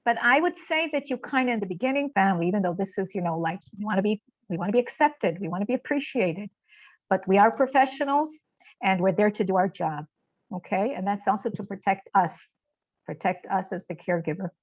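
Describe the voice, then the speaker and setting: A woman's voice: mid-range voice, lively intonation, fairly quick, dry recording. A woman teaches caregivers over a video call, speaking in an earnest, encouraging way and leaning on "you know" as she thinks aloud. The audio sounds dry and dull, with muffled lo-fi tone. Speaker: trainer leading an online caregiver course. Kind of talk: live online workshop talk.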